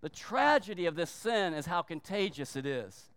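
High, clear-voiced man preaching a sermon. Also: big pitch swings, fairly bright tone, big-room sound. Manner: emphatic preaching, slowing down for weight, brief acted quotes. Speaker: pastor.

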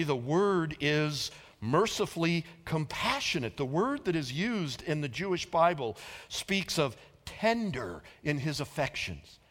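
A man preaching a sermon as pastor, with dramatic pauses and dropping to a hushed whisper for emotional quotes. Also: on the high side. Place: church auditorium. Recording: long reverb of a large auditorium.

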